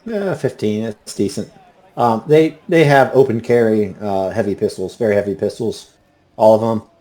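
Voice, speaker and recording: A man narrating a tabletop game as game master, relaxed with many fillers. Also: fairly low pitch, moderate pace.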